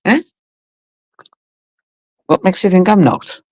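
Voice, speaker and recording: A woman from Cumbria, hosting a casual live stream. Her voice is low and rough, and she chats bluntly, swears and laughs a lot while greeting viewers. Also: expressive, slow pace, a little mellow, no echo. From Cumbria, England. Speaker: livestream host.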